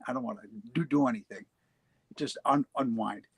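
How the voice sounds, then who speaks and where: Man, 40s, casual storyteller, mid-pitched, dry close sound, halting delivery. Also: gravelly, slightly rough, no echo. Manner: halting, many restarts and fillers, laughs easily. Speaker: paranormal show guest telling his experiences.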